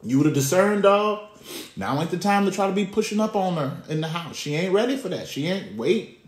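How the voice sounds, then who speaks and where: A man preaching with an animated, conversational delivery, dropping street slang as he talks straight to his listeners. His voice sits a bit high for a man. The sound carries a noticeable roomy echo. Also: brisk. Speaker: pastor. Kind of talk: sermon.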